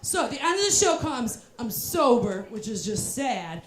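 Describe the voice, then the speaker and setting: A young woman does a stand-up set in a live comedy venue, her fairly high voice very animated and a little slow as she tells self-deprecating stories full of voiced asides and punchlines. The recording sounds roomy, with the crowd audible.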